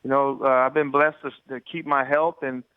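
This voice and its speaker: A man in his forties calling in to an interview by phone, telling stories with lively energy and repeated starts. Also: mid-range voice, normal speed, clear, resonant tone, dry recording. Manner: animated storyteller, repeats words. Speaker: guest calling in. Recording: tinny dry phone line.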